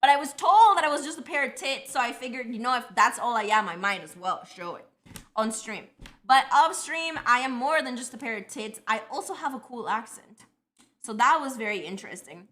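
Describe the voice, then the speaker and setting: A young woman streamer with a Colombian accent talks loosely to her chat in a rambling, self-deprecating way. Her voice sits a little high and sounds bright and forward. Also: animated, fairly quick. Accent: Colombian, long in Canada. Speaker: livestreamer.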